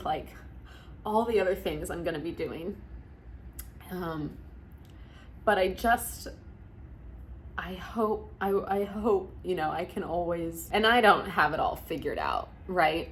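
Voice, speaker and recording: A young woman talks to her camera with a lowish voice as she reflects on how far she has come. She gets emotional, laughs softly and keeps restarting sentences. A faint hiss sits behind her. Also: animated, takes it slowly, long pauses. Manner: emotional, laughing through tears, many likes and restarts. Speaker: vlogger and virtual assistant business coach. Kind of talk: casual reflective talk to camera.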